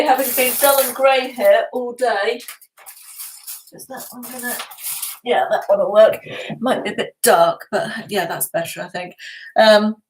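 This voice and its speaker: A woman hosts a relaxed live stream from her home. Her voice sits a little high. She chats easily and greets viewers one by one, laughing often. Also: a little hiss or hum, low-quality recording. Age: 50s. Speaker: lifestyle channel host. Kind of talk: casual live-stream chat. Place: at home indoors.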